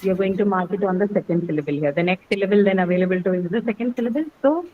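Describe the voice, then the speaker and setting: A woman English teacher talks a class through word stress, repeating words and asking questions. She sounds patient and steady. A faint hum of noise sits under her voice. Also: mid-range voice, very fast, phone-quality sound. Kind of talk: classroom lesson.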